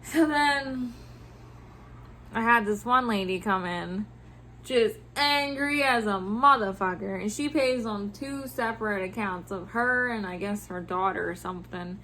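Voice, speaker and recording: Bright-voiced woman venting, swearing freely. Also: mid-range voice, unhurried, slight background noise. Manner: animated, profane storytelling; laughs often. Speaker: vlogger. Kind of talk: casual venting about work over a drink.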